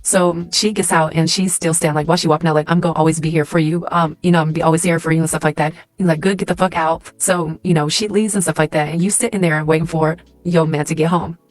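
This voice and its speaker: A woman with a low, steady voice tells a dramatic story in the second person for a social media clip, talking fast with few pauses. Her delivery is casual and rambling, packed with fillers like "like" and "and stuff like that," and the recording is dry.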